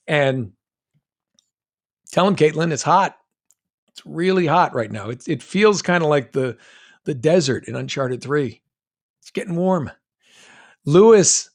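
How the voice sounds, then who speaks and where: A middle-aged man from New England chatting casually on a live stream, reading fan comments and rambling with frequent restarts. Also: fairly high pitch. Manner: rambling, self-interrupting, reads fan comments aloud. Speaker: voice actor answering fan questions on a live stream.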